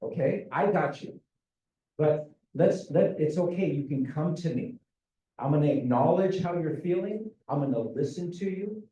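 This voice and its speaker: A man's voice: a little high, animated, normal speed, mellow, slight background noise. A man presenting to parents at a school meeting, earnest and repetitive, often asking rhetorical questions. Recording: echoey room, speaker far from mic.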